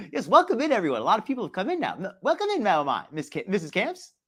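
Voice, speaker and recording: A man's voice: sits high, husky. A man hosting a live stream, chatting casually, greeting viewers from the chat and adding sarcastic asides. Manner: chatty, reads chat names aloud, frequent restarts and sarcastic asides. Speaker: live stream commentary host.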